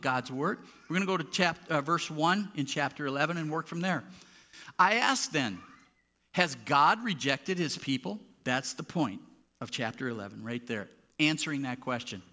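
A man's voice: medium pitch, bright, forceful tone. A man preaching a sermon as pastor of a church, conversational and emphatic when making a point. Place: church sanctuary. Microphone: handheld or clip mic with popping.

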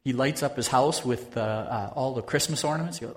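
A man preaching a conversational sermon as pastor, swinging from loud bursts to hushed tones. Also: medium pitch, fairly even intonation, fast talker, long reverb tail.

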